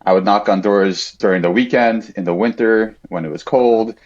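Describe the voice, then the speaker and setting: A man's voice: fairly low pitch, normal speed, darkish tone. A man in his thirties, a podcast guest, telling a personal story in a casual, reflective way, with a lot of "like" fillers. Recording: dull lo-fi sound.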